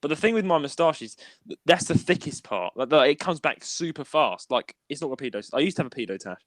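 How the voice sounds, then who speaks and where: A young man from London with a London accent, hosting a casual chat over a video call, animated and laughing often as he talks. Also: fairly high pitch, quick pace. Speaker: podcast host.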